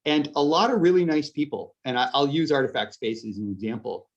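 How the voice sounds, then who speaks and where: The recording is lo-fi, capturing a medium-pitched, expressive man speaking a little fast. He's a middle-aged author from upstate New York, USA, with a Canadian-leaning accent, guesting in a casual interview where he rambles, belittles himself, laughs, and restarts often.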